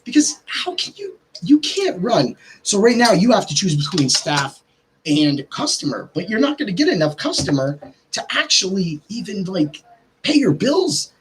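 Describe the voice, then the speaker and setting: A man hosting a podcast, ranting casually and swearing, his pitch jumping up when he gets worked up. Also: slight background noise, rough recording. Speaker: podcast host.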